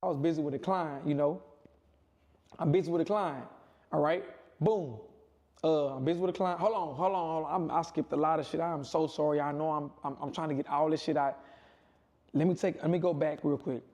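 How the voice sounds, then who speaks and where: A man casually telling a long personal story, rambling and repeating himself, with animated quoted voices. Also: a little fast. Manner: rambling, repetitive, punctuates with "boom" and "right?". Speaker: storyteller in a played clip.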